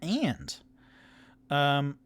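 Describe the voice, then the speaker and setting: Animated man narrating a solo tabletop game. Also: a little high, very slow. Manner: animated, rambling, casual. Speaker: game master and solo player.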